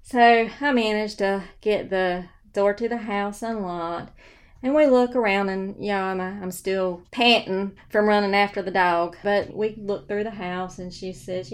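A woman hosting a podcast, telling a story in a chatty, animated way on a studio microphone. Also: mid-range voice, normal speed. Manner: chatty, animated, addresses listeners as y'all. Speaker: podcast host, real estate agent. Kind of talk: casual storytelling. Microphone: new studio microphone.

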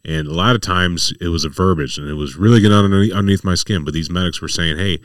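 A man's voice: low voice, quick pace, no room sound, clean studio sound, distant mic. A man, a paramedic, telling work stories in casual talk and acting out what others said. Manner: animated, acts out other people's quotes. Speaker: paramedic guest. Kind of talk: casual storytelling in a podcast chat.

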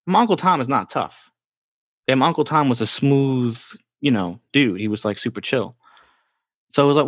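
A man's voice: mid-range voice, brisk, a bit bright, no room sound. A man in his forties from the Bronx tells childhood stories in an easy, slangy chat. His voice sits mid-range and sounds close and dry, with no room around it. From New York, the Bronx. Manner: laid-back, slangy, says "bro" often. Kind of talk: casual storytelling chat.

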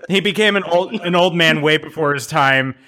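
A man hosting a podcast, joking and laughing often in relaxed banter. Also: a little high, moderate pace. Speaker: podcast host. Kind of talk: casual chat.

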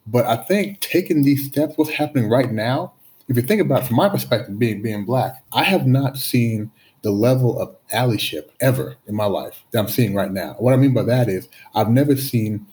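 A man of medium pitch talks earnestly in a relaxed discussion. He often stumbles and repeats words as he works toward his point. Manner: earnest, halting with repeated restarts. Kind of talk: conversational discussion.

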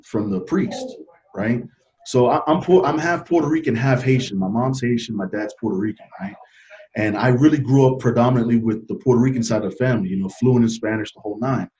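Earnest man, dull lo-fi sound. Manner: earnest, halting, voice dropping low and soft in emotional moments. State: emotional, choked up. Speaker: interview guest. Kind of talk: personal storytelling in conversation. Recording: dull lo-fi audio.

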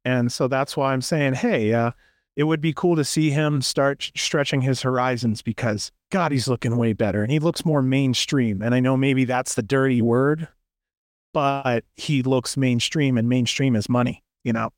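A man's voice: medium pitch, normal speed, no echo, studio quality. A man co-hosting a podcast, giving long opinionated rants in casual chat and acting out quotes in a raised voice. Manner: opinionated, rambling, acts out quotes. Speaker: podcast co-host.

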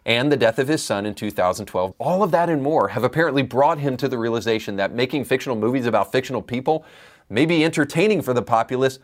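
A man's voice: medium pitch, animated, quick pace. A man hosts a scripted commentary show. He speaks in a mid-range voice and pushes his points with opinionated emphasis. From United States. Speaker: commentary podcast host.

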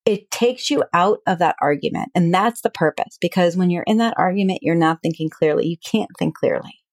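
A woman hosting an advice podcast as a relationship coach, talking calmly and plainly through examples. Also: on the low side, brisk, no echo, clean studio sound. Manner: calm, explanatory, acts out example dialogue.

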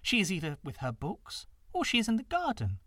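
A man's voice: high-pitched, huge pitch swings, brisk, a bit bright, dry recording, studio quality, voice pushed up, full character voice. A man voicing a wicked stepmother in a storybook, offhand and mocking. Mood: dismissive. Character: wicked stepmother, cold and dismissive.

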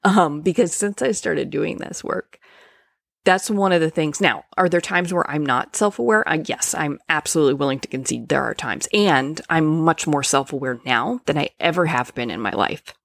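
A woman with a low, gravel-edged voice speaks frankly about her own experience, as a coach would. She talks loosely, with fillers and the odd curse. The sound is dry and close, with no room around it. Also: normal speed, no room sound. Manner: frank and conversational, swears freely, many fillers. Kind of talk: candid personal storytelling monologue.

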